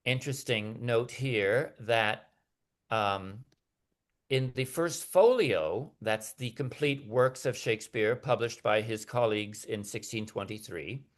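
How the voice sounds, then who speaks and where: A man's voice: medium pitch, slow. A man giving an academic lecture over a video call, talking hesitantly with many fillers and restarts.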